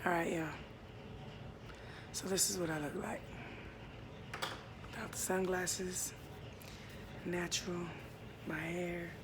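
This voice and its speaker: A man in his thirties talking in a laid-back, reflective vlog into a phone outdoors at home, often dropping into soft half-whispers. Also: high-pitched, little pitch movement, slow, pauses often. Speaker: vlogger. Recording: noisy outdoor recording.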